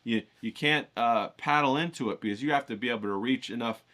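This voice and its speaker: A man's voice: medium pitch, brisk, fairly bright tone. A man hosting a writing challenge, lecturing casually to camera in a profane, emphatic way, with frequent "okay?" check-ins.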